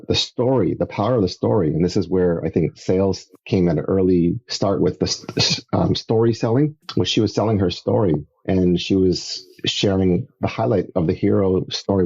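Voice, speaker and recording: A middle-aged man from Canada, a podcast guest telling his faith story in a casual, animated way. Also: deep voice, husky, dull audio. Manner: animated storyteller, acts out voices. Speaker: podcast guest, evangelist turned entrepreneur.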